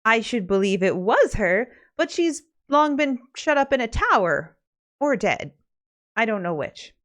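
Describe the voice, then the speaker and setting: A woman's voice: on the high side, very animated, measured pace, fairly bright tone. A woman voicing a puzzled young prince who keeps asking baffled questions.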